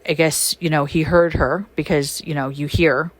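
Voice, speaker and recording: A woman hosting a podcast, telling stories in a casual, chatty monologue with many fillers and sudden emphatic rises in pitch. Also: moderate pace. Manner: animated, emphatic, swings her pitch up when excited. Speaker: podcast host and shaman.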